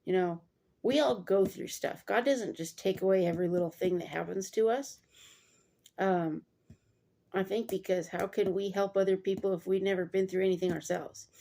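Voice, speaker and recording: A woman's voice: medium pitch, moderate pace, vocal fry, dark tone. A woman reading a Bible passage aloud and breaking off into chatty, digressive commentary full of fillers.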